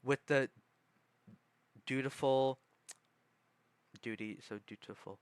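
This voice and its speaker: Slow-talking, bright-voiced male streamer. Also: medium pitch, no echo. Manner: rambling, self-correcting, many "you know"s. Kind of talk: casual chat while reading a book aloud.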